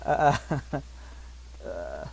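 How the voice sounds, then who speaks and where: A man's voice: low voice, very animated, extremely slow, vocal fry, slightly rough, low-quality recording. A man hosting a casual podcast, swearing freely and laughing often. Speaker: podcast host. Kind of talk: casual chat.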